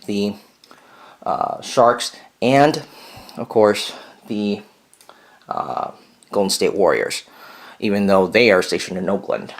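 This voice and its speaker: A young man hosting a casual weekly vlog update, rambling with lots of fillers and self-corrections while chewing gum. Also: fairly low pitch. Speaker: vlog host. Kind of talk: casual chat to viewers.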